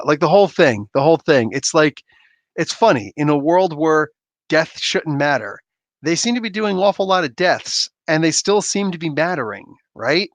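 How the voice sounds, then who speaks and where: Animated man, dry close sound. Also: a little high, dry recording. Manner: animated, rambling, frequent asides and laughs. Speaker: podcast host. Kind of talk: casual chat answering viewer questions.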